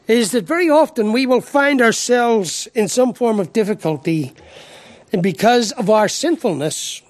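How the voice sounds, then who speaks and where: A man's voice: high voice, no room sound. An Irish man preaching a sermon, emphatic, asking rhetorical questions and often repeating his first word as he restarts. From Ireland.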